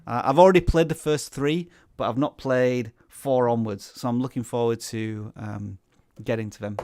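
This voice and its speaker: A man hosts a relaxed livestream chat, his voice sitting at an ordinary middle pitch. He rambles and jokes, full of "uh"s and restarts, and the sound is close and dry with no room echo. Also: normal speed. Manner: rambling and joking, with many fillers and restarts. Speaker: livestream host.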